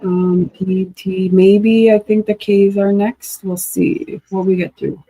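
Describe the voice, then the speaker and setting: A woman teaching a language lesson, slowly sounding out syllables and words in casual drills. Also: medium pitch, flat delivery, dark tone, poor audio. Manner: slow, drawn-out syllable drills.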